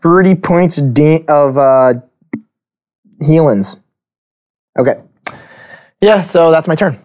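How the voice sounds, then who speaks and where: A man's voice: a little high, takes it slowly, a little mellow. A man playing a tabletop game, hesitant and full of fillers as he works out his turn. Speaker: player. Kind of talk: casual tabletop game play.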